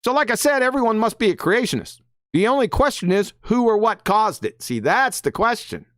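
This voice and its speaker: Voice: medium pitch, big pitch swings, fairly quick, fairly bright tone, dry recording, studio quality. A live-show host giving combative commentary, emphatic and mocking, often tagging lines with "right?". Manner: emphatic, keeps asking "right?". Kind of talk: live-stream commentary reading quotes.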